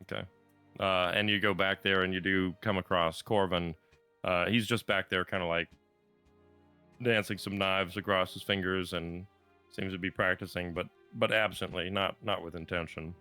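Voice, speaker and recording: A man's voice: low-pitched, steady tone, normal speed, bright, forceful tone, clear, resonant tone, faint music behind. A man running a tabletop game as game master, narrating in a casual, rambling way with many fillers.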